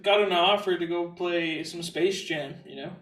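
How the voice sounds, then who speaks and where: A man's voice: high voice, steady tone, moderate pace, a bit bright. A man chatting casually, teasing his guest with short interjections. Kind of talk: casual chat. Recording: roomy, distant mic.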